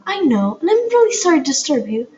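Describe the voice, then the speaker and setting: A woman's voice: high-pitched, sing-song, fast talker, mellow, voice pushed up. A woman voicing an anxious young girl who stammers and pleads, on a dull, lo-fi home recording with faint hiss. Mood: nervous. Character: anxious young girl baker, eager and tearful.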